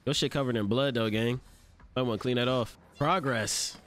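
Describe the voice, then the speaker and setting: A young man hosting an anime reaction video, talking in excitable, slangy, profane bursts, often laughing and yelling. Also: medium pitch, moderate pace, a little hiss or hum. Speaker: anime reaction channel host.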